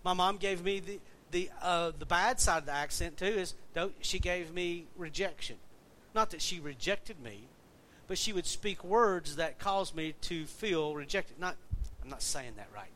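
A man's voice: sits high, unhurried, a bit bright, a little hiss or hum. A man preaching a sermon in a conversational way, often asking the congregation questions. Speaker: pastor.

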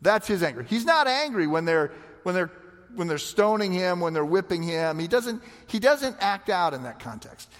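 A pastor preaching with a high voice, in a chatty and animated way, often restarting and repeating words. His voice carries the long reverb of a large hall. He sounds like a man talking straight to his congregation. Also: moderate pace. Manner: conversational, animated, repeats words when starting sentences. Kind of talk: sermon.

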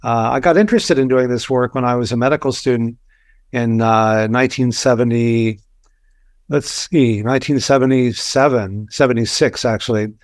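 An older man from Texas, a physician guest telling stories in a relaxed, anecdotal way with many fillers and restarts. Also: medium pitch, moderate pace, dry recording, studio quality. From Texas, USA. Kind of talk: conversational storytelling.

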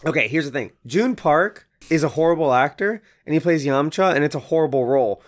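Lively-voiced man co-hosting a chat. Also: a little high, a little fast. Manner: relaxed, rambling storyteller. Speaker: podcast co-host. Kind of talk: casual chat.

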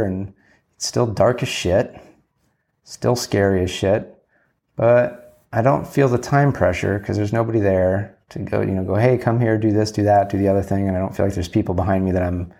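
A man's voice: on the low side, moderate pace, vocal fry, mellow. A man telling a rambling, candid story in a casual monologue, acting out bits of dialogue and swearing freely.

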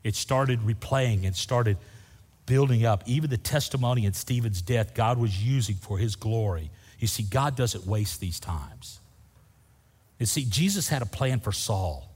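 A man's voice: lowish voice, expressive, a little slow, darkish tone, husky. Pastor guy preaching, folksy and jokey, voice goes up and down a lot, big echoey church hall. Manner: folksy, humorous preaching with Southern "y'all". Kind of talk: sermon. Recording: long hall reverb.

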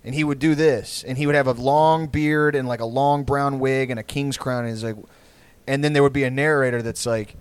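A man from Texas hosts a podcast, telling comedic stories in a rambling, profane way with frequent restarts. His medium-pitched voice is brisk and clean, with no echo.

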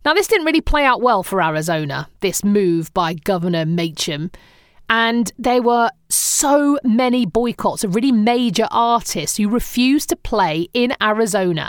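A woman's voice: a little high, no room sound, clean studio sound. A woman hosting a chatty news roundup in a wry, conversational way.

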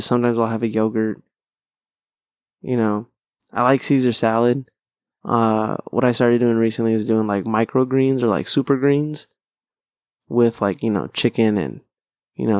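A man's voice: mid-range voice, darkish tone, dry recording, clean studio sound. A man hosting a casual solo podcast, rambling, swearing and poking fun at himself. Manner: rambling, profane, self-deprecating. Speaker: podcast host and stand-up comic.

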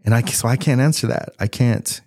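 A man in his thirties sharing a personal testimony as a pastor, earnest and unhurried, with soft laughs. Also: medium pitch, dry recording, studio quality. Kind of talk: sermon-style testimony.

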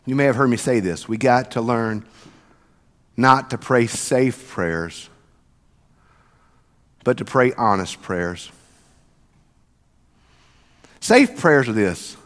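A man preaching a sermon as pastor, swinging from loud emphatic passages to soft near-whispers. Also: medium pitch, sing-song, measured pace, long pauses, long reverb tail. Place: church sanctuary.

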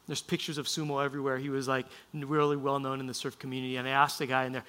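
A man's voice: medium pitch, level tone, rapid-fire, hardly any pauses, bright, forceful tone. A male pastor preaching a sermon in a casual, conversational way, with frequent restarts.

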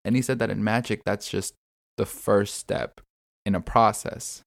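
A man's voice: lowish voice, fairly even intonation, measured pace, vocal fry, no echo, studio quality. A man hosting a solo podcast, talking reflectively and asking his listeners many questions, often repeating words as he gathers his thoughts. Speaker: podcast host.

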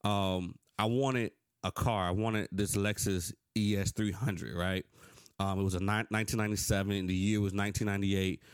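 A man in his thirties speaks in a fairly low voice, earnest and conversational. He tells personal stories with animation. The sound is dry and close, with no room echo. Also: moderate pace, clean tone. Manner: earnest, animated storytelling, rising pitch when frustrated. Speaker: podcast co-host. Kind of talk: casual conversation.

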